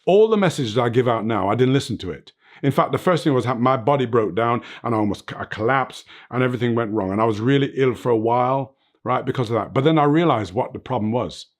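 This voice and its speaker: A man's voice: medium pitch, expressive, fast. An older man giving an emphatic, earnest interview about life lessons, often tagging his points with "right?" and "you know what", in a home under filming lights. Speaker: interview guest, fitness motivator. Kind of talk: reflective motivational interview talk.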